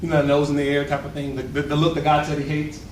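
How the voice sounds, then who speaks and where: A man preaching a sermon at a luncheon, with animated, rhetorical call-and-response delivery. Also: a little high, quick pace, slight background noise. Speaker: pastor. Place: event hall. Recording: echoey room, voice from far off.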